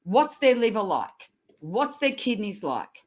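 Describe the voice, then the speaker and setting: A woman's voice: medium pitch, big pitch swings, a little slow. Blunt woman in her sixties. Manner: blunt, earthy and laughing storyteller. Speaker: guest, nurse educator. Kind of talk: casual interview chat.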